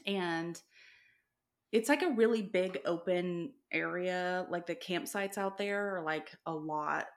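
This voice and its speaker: A woman's voice: on the low side, slow pace. A woman co-hosting a podcast, telling stories in casual chat, acting out quoted lines and laughing often. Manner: animated storytelling, acts out quoted dialogue, laughs often. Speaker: podcast co-host.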